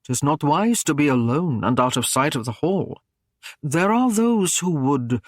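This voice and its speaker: Male narrator doing a coaxing knight, flattering, dry close sound, audiobook. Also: a little high, measured pace, no echo. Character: smooth-talking knight wooing a woman.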